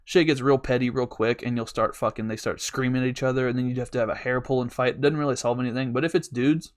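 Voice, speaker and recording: A man's voice: medium pitch, steady tone, fast talker. A young man hosting a podcast, telling a long rambling story in casual chat, swearing a lot and laughing as he goes. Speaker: podcast host.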